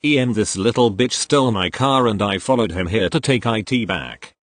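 A man's voice: fairly low pitch, moderate pace, a bit bright. A man reading the lines of a demanding, accusing middle-aged mother in a forum story. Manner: accusing and bossy.

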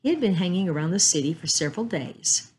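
A woman's voice: lowish voice, expressive, fast talker, a little mellow, a little hiss or hum, natural voice. A woman reading aloud in the part of an earnest teenage boy detective, matter-of-fact in tone.

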